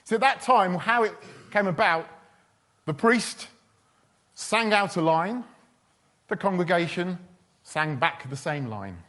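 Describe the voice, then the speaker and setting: A man's voice: sits high, lively intonation, unhurried, pauses often, a bit bright. A man preaching a sermon in a chatty, humorous storytelling way. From England. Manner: chatty, humorous, with quoted voices.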